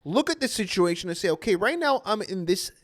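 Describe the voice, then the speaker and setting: A man in his thirties with a high, lively voice that swoops up and down as he speaks. He is an anxiety coach giving an earnest motivational talk, repeating his points and calling his listeners "guys". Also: a little fast. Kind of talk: motivational self-help talk.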